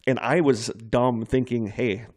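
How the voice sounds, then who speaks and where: Male podcast co-host, low-pitched, casual and self-mocking storyteller, dry studio sound. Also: a little fast, no echo. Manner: self-deprecating, rambling storyteller. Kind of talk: casual chat.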